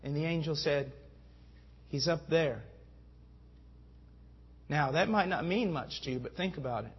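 A man's voice: a little high, expressive, fast, husky. A man preaching a sermon with fervent delivery that rises to emphatic peaks. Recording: dull lo-fi sound.

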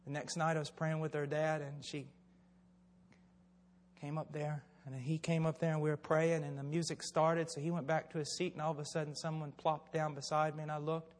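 An older man preaching, telling stories in a low, hushed voice, then building to loud, shouted exhortation. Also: flat delivery, brisk, big-room sound, a little hiss or hum. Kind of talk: sermon with storytelling.

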